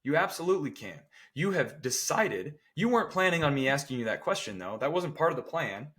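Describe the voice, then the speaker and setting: A man's voice: fairly high pitch, sing-song, brisk, a bit bright. A man who works as a strength coach, talking casually on a podcast, emphatic and often checking in with "right?". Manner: acts out people's quotes with playful voices.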